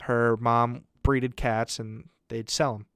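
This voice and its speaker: Young male podcast co-host with a smooth, resonant voice and a dead-dry close-mic sound, a crude, rambling storyteller. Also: medium pitch, level tone, slow, fairly bright tone, dry recording. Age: young adult.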